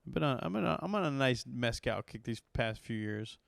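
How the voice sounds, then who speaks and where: A man's voice: medium pitch, animated, brisk, gravelly, fairly bright tone, no echo, clean studio sound. A man, a comedian hosting his own podcast, telling a rambling, profane story and getting worked up as he goes. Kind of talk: casual storytelling monologue.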